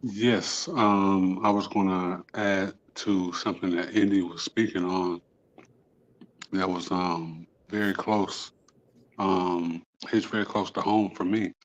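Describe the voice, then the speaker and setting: A man's voice: deep voice, steady tone, slow, lo-fi sound. A man speaking as a panelist over a video call, conversational, with frequent "you know" and restarts. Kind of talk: casual panel discussion.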